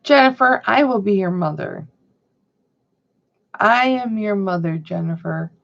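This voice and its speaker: A woman putting on a slow, breathy, ghostly mother calling from beyond, half whispered. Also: mid-range voice, animated, dull audio. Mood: eerie.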